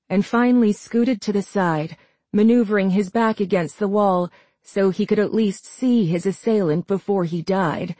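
Slow, measured woman narrating a story. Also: medium pitch, dark tone, no echo. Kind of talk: scripted audiobook narration.

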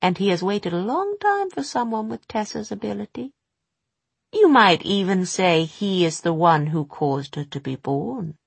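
A woman voicing a sinister female demon sister from a storybook, shrill and contemptuous. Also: animated, measured pace, vocal fry, breathy edge, dry recording, full character voice. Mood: scornful.

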